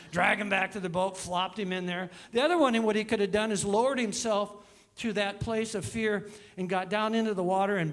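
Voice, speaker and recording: A middle-aged male minister giving a conversational, animated sermon in a church. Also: high voice. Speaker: guest minister. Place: church sanctuary.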